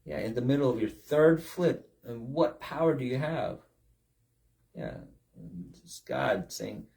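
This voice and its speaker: A man's voice: fairly high pitch, big pitch swings, unhurried, vocal fry, darkish tone. A man preaching a sermon, stressing his points with repeated rhetorical questions. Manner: emphatic, repetitive rhetorical questions.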